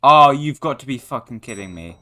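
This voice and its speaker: A young man giving foul-mouthed, excitable commentary while playing a horror game, yelling at what scares him. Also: medium pitch, brisk. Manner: swearing, excitable, shouting at the game. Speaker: gaming YouTuber.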